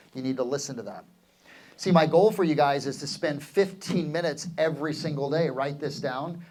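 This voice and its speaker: Energetic male seminar coach. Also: fairly high pitch. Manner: energetic, asks the crowd questions, calls for answers. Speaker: real estate sales coach. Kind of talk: live seminar talk to an audience.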